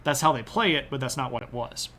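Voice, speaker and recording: A man streaming a casual history talk, answering chat by name and putting on quick joking voices for the nations. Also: medium pitch, sharp tone.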